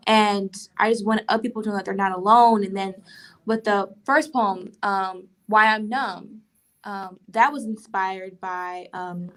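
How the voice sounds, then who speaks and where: A woman author answering interview questions in a reflective, earnest way, pausing often as she thinks. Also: medium pitch, fairly bright tone. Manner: thoughtful, earnest, many pauses with "um". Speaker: author and poet, interview guest.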